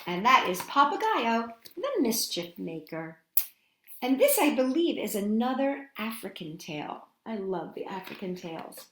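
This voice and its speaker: A woman hosting a storytime, reading a picture book aloud to children with an animated, expressive delivery. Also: a little high, a little slow, slight background noise. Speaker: storytime host. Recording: echoey room.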